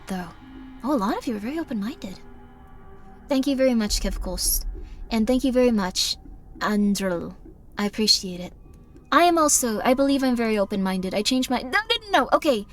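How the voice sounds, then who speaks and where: A woman with a high, light voice streams a game live and chats with her viewers. She rambles earnestly and apologizes often, thanking people as she goes. Soft music plays faintly behind her. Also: animated, moderate pace.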